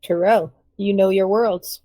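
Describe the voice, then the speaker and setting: A woman's voice: mid-range voice, steady tone, unhurried, dark tone, no room sound. A woman playing in a tabletop game, talking casually and politely. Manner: polite, casual player talk. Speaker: player. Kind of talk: tabletop role-play.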